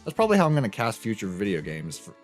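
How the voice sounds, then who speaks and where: A man's voice: huge pitch swings, racing, soft background music. A man making casual, offhand asides while co-commenting a game let's play. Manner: offhand, low-voiced asides with chuckles. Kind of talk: casual commentary over gameplay.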